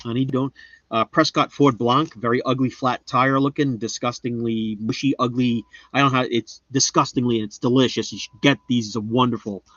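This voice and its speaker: Man, casual livestream chatter, rambling, self-mocking, mid-pitched, slightly muffled lo-fi mic, dry. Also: fairly even intonation, moderate pace, fairly bright tone, dry recording. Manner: rambling, goofy, self-mocking, jumps into high silly voices. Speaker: homestead gardening livestreamer. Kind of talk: casual live-stream chat. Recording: dull, slightly lo-fi dry sound.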